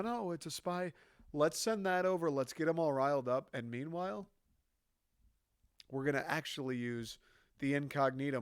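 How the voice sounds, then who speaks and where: Male comic, American, sarcastic ranter, a bit high-pitched, dry close recording. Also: no echo. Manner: sarcastic, ranting, swearing freely. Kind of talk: stand-up style rant.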